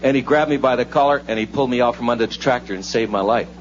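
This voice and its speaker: A man voicing a touchy middle-aged farmer who talks in a gruff, defensive, plain way. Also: medium pitch, very fast, pitched below the performer's own voice, lightly acted. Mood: earnest. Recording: muffled live radio with faint hum.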